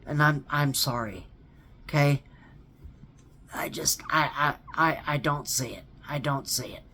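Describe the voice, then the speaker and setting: Man, casual rant, slow, stammering, repeats himself, emphatic, earnest. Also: a little high, bright, forceful tone, a little hiss or hum. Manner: stammering, repeats words, keeps asking "okay?". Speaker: theme park fan vlogger. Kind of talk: ranting casual monologue.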